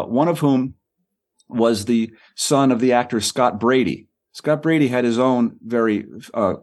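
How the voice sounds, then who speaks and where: Husky middle-aged man, author guest, animated storyteller, stumbles over words. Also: mid-range voice. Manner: quick, repeats words and acts out quoted people.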